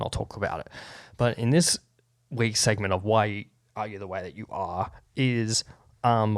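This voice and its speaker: Young aussie guy rambling on his podcast, swears a lot, kinda low voice, dry close mic. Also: no echo. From Australia. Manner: chatty, swears freely, laughs at own remarks. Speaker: podcast host. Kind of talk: casual solo podcast chat. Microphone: podcast microphone.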